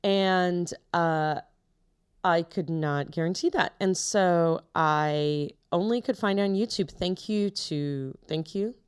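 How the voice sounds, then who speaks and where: A woman's voice: on the low side, takes it slowly, smooth. A young woman co-hosting a podcast in casual chat, rambling and losing her train of thought. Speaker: podcast co-host.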